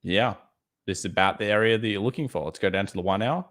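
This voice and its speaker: A man's voice: on the low side, fast talker, a bit bright. An Australian man hosting a live trading stream, giving blunt, casual market commentary and answering chat questions. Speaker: trading livestream host.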